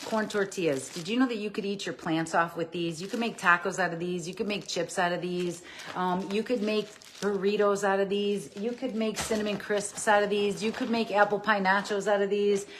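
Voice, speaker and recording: A fairly low-voiced woman chats with her viewers, lively and upbeat. She talks straight to them, often calling them "you guys". A faint hiss sits under her voice on this live-streamed phone recording. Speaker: plant-based cooking instructor. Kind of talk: live-streamed grocery haul.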